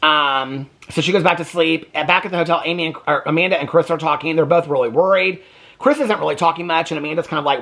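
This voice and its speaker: A man casually recapping a reality TV episode for his vlog, chatty and animated, acting out the quoted lines as he goes. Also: on the high side, fast. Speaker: TV reaction vlogger.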